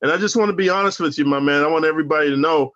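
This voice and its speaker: A man's voice: on the high side, very fast, a bit bright, dull audio. A man from Northern California being interviewed, telling his stories in a slangy, profane, emphatic way. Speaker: interview guest, former prisoner. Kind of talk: casual storytelling interview.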